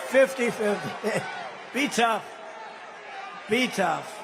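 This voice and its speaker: Shouting in a high-pitched, gravelly, expressive voice, an older candidate takes it slowly as he rambles and mocks at a rally, teasing the crowd with asides. The large hall is noisy, with long reverb and faint ambience.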